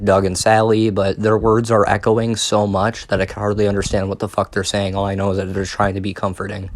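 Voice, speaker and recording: A man's voice: fairly low pitch, dry recording. A young man telling a casual storytime, rambling and swearing with many fillers and restarts. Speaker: vlogger.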